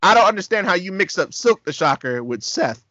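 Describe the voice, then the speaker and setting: A man co-hosting a casual talk show, telling stories in a lively way and acting out quotes with laughter. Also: high-pitched, fairly quick, highs cut off, a little hiss or hum. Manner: animated, acts out quotes with laughter. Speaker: podcast co-host. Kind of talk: casual storytelling chat.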